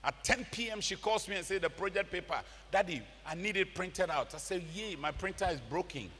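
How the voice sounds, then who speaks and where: Brief: Ghanaian male pastor, high and bright voice, lively preaching in an echoey church hall. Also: fairly quick, a little hiss or hum. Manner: animated preaching mixing English and Twi, laughs and shouts. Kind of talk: sermon. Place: large church.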